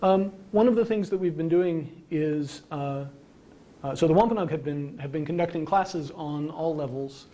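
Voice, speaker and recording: Male lecturer, conversational, slightly higher voice, soft faint hum behind. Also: moderate pace. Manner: conversational, with frequent ums and asides. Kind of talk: public lecture with slides. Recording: archival local-TV lecture tape, faint rumble.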